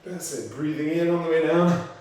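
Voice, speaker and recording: A man coaching an online workout class, counting down intervals and cueing form while out of breath, in an energetic, encouraging way. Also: fairly high pitch, normal speed, distant mic. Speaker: fitness instructor. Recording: very echoey room, off-mic, faint noise.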